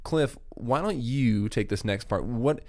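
A man's voice: medium pitch, lively intonation, a little slow, a little mellow, no echo, studio quality. A man hosting a casual discussion about worship songs, chatty with frequent restarts. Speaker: worship podcast host.

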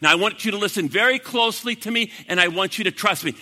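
Man doing God's voice, booming, commanding, bright, big hall echo. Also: quick pace. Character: booming calm voice of God from above.

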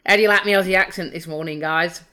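A woman's voice: lowish voice, quick pace. A woman from England, joking around as a guest on a podcast. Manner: chatty, jokey, animated. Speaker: guest comedian. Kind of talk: casual podcast banter.

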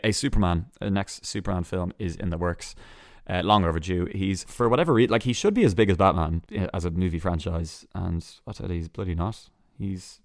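A man hosting a solo entertainment news podcast, chatty and sarcastic, full of quick asides and restarts. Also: sits low, no room sound, clean studio sound. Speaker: podcast host.

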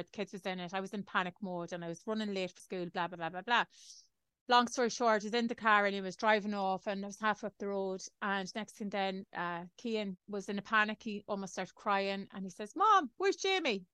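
A middle-aged Irish woman in casual chat as a podcast co-host, telling stories about her kids and getting animated in the retelling. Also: mid-range voice, clean tone, no echo. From Ireland. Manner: chatty storyteller, animated when telling anecdotes.

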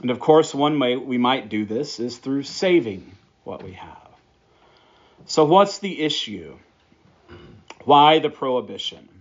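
Slow, deliberate male preacher, lo-fi sound. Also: medium pitch, expressive. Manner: slow, deliberate teaching with emphatic repeated phrases. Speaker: pastor. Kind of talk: sermon.

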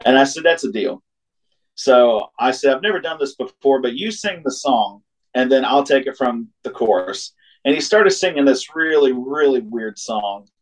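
Telling a road story in a casual way, this singer-songwriter guest from Ohio keeps it animated, laughing often and acting out quoted voices. His voice is medium-pitched at a normal speed, and the audio quality is poor.

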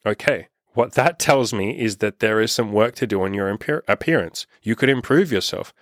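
A man's voice: fairly low pitch, normal speed, no echo, clean studio sound. A man giving blunt, profane dating advice in a casual monologue, acting out rude exchanges along the way. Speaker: dating coach.

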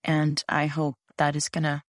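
A woman co-hosting a podcast chats warmly and is quick to agree. Her voice is very low for a woman. The sound is dry and close to the mic. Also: monotone, dry recording. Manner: warm, affirming, quick to agree and laugh. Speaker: podcast co-host. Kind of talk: casual podcast chat.

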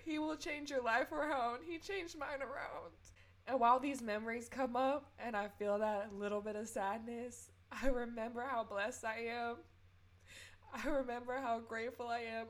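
A young woman hosts a personal podcast episode, her voice a touch higher than most. She talks with earnest, tearful sincerity. She leans into faith-filled encouragement for her listeners. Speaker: podcast host.

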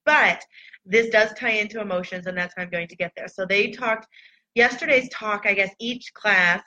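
A woman's voice: mid-range voice, normal speed, pushed and bright. A woman talking casually and candidly to her online followers in a reflective, loose storytelling way. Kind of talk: casual personal talk to followers. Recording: dull lo-fi recording.

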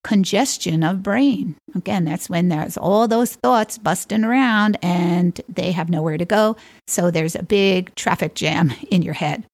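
A woman's voice: lowish voice, measured pace, few pauses, a little mellow, dry recording. A woman hosting a solo podcast, reading down a list and dropping wry, playful asides with the odd chuckle. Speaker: podcast host.

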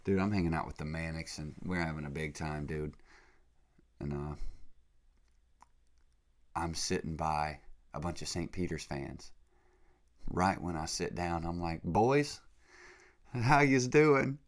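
Very low-voiced young man, sick and rambling. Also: a little slow, long pauses. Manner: rambling, excitable, full of slang fillers. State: sick, congested. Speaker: podcast host. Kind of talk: casual podcast monologue. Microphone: podcast mic.

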